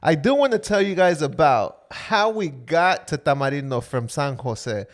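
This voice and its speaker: Slangy laid back guy cohosting a podcast, voice on the higher side. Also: lively intonation. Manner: easygoing, slangy, quick to agree. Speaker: podcast co-host. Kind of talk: casual chat.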